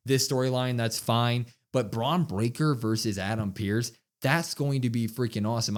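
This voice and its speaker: Young guy hyped up retelling a wrestling show, laughs as he goes, average pitch. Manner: excitable play-by-play retelling with chuckles. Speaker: wrestling podcast co-host. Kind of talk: casual show recap.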